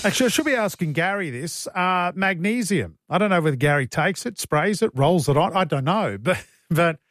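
A man's voice: sits high, animated, normal speed, over music. Chatty Australian man on talkback radio. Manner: chatty, joking, blunt. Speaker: radio host. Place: radio studio. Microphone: studio mic.

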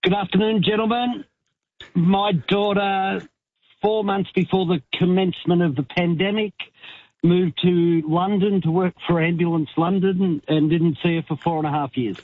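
A man's voice: high voice, steady tone, normal speed. A man calling in to radio, speaking plainly. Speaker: caller. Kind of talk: phone-in call. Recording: tinny phone line.

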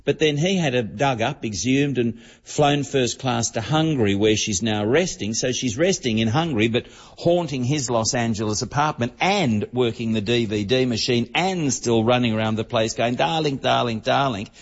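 Chatting casually on radio, an entertainment reporter tells celebrity gossip like a story. He speaks at medium pitch and a moderate pace with few pauses, and the recording has a dull, lo-fi broadcast quality.

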